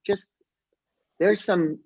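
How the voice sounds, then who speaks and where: Lively young rabbi teaching on a call. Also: male voice, high-pitched, very slow, lo-fi sound. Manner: lively, jokey retelling with voiced characters. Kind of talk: casual online class teaching. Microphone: video call.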